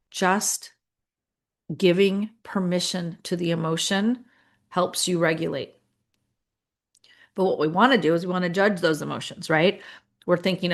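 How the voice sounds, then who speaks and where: Low-voiced woman coaching school leaders. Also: measured pace, pauses often. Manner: conversational, acts out inner voices, lots of fillers.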